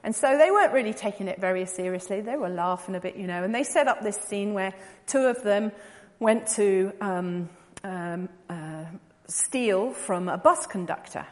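A woman's voice: medium pitch, normal speed, a little mellow, long reverb tail. A woman giving a talk as a psychodrama practitioner, telling a story vividly and earnestly.

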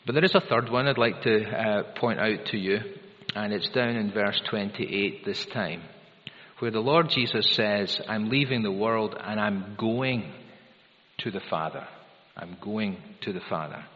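A man's voice: lowish voice, unhurried. A man preaching a sermon, stressing key phrases by repeating them. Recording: dull recording in a long-reverb hall.

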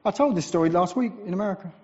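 A man from England, a visiting preacher, giving a sermon with animated storytelling and self-deprecating asides. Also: high voice, rapid-fire. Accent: English. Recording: dull recording with long church reverb.

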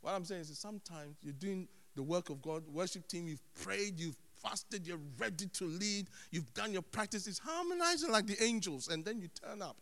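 A man preaching a sermon as a pastor, animated, dropping to hushed tones and then rising loud. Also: sits high, normal speed, hardly any pauses. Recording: long hall reverb.

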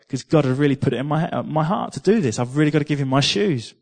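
A man's voice: fairly high pitch, expressive, fast talker, gravelly, few pauses. A man preaching a sermon, telling a personal testimony in a chatty way, with repeated words and small laughs.

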